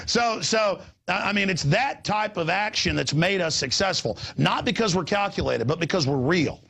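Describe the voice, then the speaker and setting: A man hosting a show, talking in a rambling, animated way, stammering and repeating words. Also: high voice, moderate pace, vocal fry, few pauses, breathy edge. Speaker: host. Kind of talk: rambling on-air chat. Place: studio in Austin.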